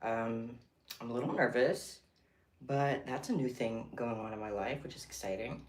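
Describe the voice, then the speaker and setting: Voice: mid-range voice, moderate pace. A livestream host talking casually, out of breath and chatty, with a scattered, giggly way of talking. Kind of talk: casual live stream chat. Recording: roomy echo, distant mic, faint noise.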